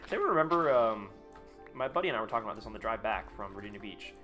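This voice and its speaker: A man's voice: fairly low pitch, expressive, rapid-fire, pushed and bright, faint music behind. A man talking casually to his chat on a live gaming stream, rambling, sarcastic and freely profane.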